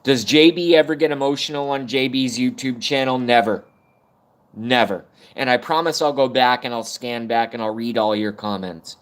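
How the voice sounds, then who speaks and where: A YouTube livestream host with a mid-range voice talks at normal speed in a rambling, blunt monologue laced with profanity. At times he fights back tears, then swings back to energy.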